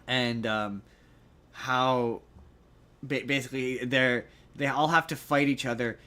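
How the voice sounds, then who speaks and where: Bright-voiced man rambling about movies. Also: mid-range voice, steady tone, slow pace. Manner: rambling, self-correcting, jokey. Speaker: podcast co-host. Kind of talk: casual movie chat.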